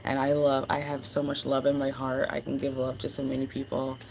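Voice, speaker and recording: A woman's voice: rumbling low, completely flat delivery, a little fast, a little mellow, slight background noise, low-quality recording. A woman hosting a livestream, chatting casually and affectionately with viewers, full of fillers. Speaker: livestream host. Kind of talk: casual chat with live chat.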